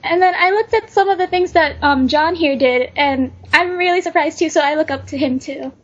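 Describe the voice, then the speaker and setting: A woman's voice: sits high, normal speed. A teenage girl being interviewed as an aspiring voice actor, hesitant and filling gaps with lots of ums. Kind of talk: casual podcast interview. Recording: dull lo-fi recording.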